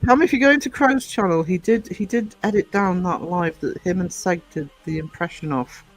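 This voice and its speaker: A man's voice: sits high, normal speed, rough recording. A man with a northern English accent hosting a livestream, chatting playfully and laughing often. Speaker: livestream host. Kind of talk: casual chat.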